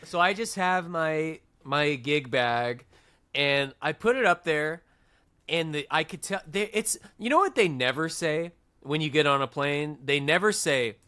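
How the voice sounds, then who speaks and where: A man's voice: a little high, measured pace, clear, resonant tone. A man co-hosting a podcast, telling a travel story in casual chat and acting out what people said. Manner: animated, acts out quotes with voices. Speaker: podcast co-host, touring musician.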